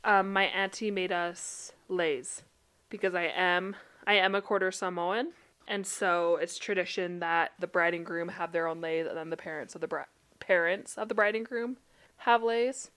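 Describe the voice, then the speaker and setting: A young woman from Utah, a podcast co-host chatting casually, animated and laughing often as she tells stories. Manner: animated storyteller, laughs often, quick bursts of rising pitch. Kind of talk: casual chat.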